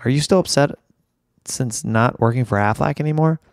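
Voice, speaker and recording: Hoarse, rambling comedy podcast host. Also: male voice, medium pitch, moderate pace, dry recording, clean studio sound. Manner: rambling, jokey and self-deprecating. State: hoarse with laryngitis.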